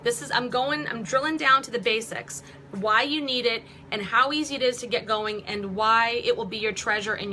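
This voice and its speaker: A woman's voice: on the high side, bright, forceful tone, a little hiss or hum, low-quality recording. A woman in her forties hosting a live-stream vlog, giving online marketing tips in an upbeat, chatty way with jokey asides. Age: 40s.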